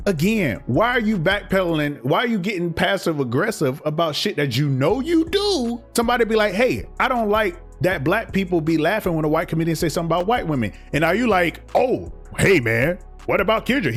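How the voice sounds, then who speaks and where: A man's voice: sits high, a bit bright. A young man, giving a blunt, profane, heated commentary rant as a reaction streamer.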